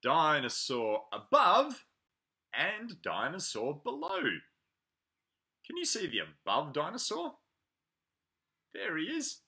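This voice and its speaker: Lively, sing-song man reading to toddlers. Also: fairly high pitch, gravelly, slightly rough. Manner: animated, sing-song, drawn-out words. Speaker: preschool playgroup leader. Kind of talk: reading a picture book to toddlers.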